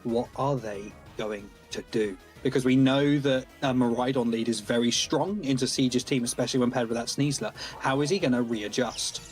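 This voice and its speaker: A man giving live play-by-play commentary on a competitive game tournament, excitable and analytical. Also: mid-range voice, moderate pace, hardly any pauses, soft background music.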